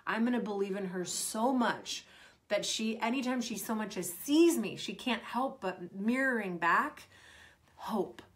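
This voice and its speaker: Earnest woman coach giving parenting advice. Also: mid-range voice. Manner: earnest, animated, acts out parent lines. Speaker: performance coach. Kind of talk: Q&A advice talk.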